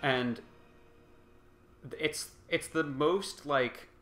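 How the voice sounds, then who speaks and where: A man's voice: a little high, extremely slow, a bit bright. Sarcastic rambling man in a roomy space. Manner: sarcastic, rambling, rising to impassioned. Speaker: let's play commentator. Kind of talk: casual game commentary rant.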